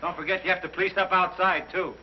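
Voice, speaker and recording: A man plays a brash army sergeant from an old TV sitcom who barks orders at his men. His voice sits a little high. The old TV sound is dull and carries a steady hiss. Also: fast talker, natural voice. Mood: bossy. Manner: bossy, barking orders.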